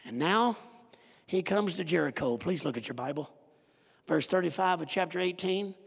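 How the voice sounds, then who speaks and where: A man preaches in a high, gravelly voice, telling the story vividly and calling out to his listeners. His husky voice rings through a church with a long reverb. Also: moderate pace. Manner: animated storytelling, direct address. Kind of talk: sermon.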